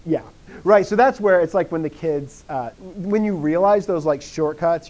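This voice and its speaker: A man with a slightly higher voice teaches a language lesson. He walks through the grammar step by step, firing questions at his students and answering with quick encouragement. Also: a little mellow. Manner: quizzing, encouraging. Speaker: Greek teacher. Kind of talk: live online lesson.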